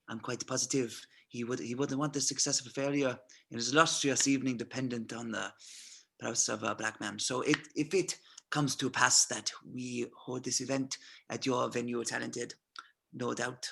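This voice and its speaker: A smooth, menacing SS colonel who probes politely and drops into soft, husky asides, read by a man at a script reading. His voice sits at an ordinary male pitch, with a breathy grain to it. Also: full character voice.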